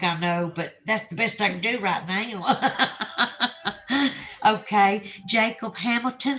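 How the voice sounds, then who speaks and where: Slow-talking Southern woman livestreamer. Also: medium pitch, pushed and bright, low-quality recording. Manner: chatty, laughs often, reads viewer comments aloud. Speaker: livestream host. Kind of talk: casual livestream chat reading comments.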